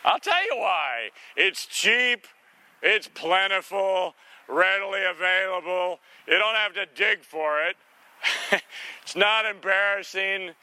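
A man's voice: high voice, animated, slow, bright, forceful tone, no room sound. A man preaching a casual, conversational sermon in a sarcastic, folksy way, often acting out little voices in his asides.

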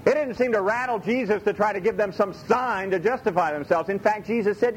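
A man preaching a sermon in a folksy, animated way, repeating his phrases for emphasis. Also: high voice, a little fast, few pauses, slight background noise, poor audio. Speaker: pastor.

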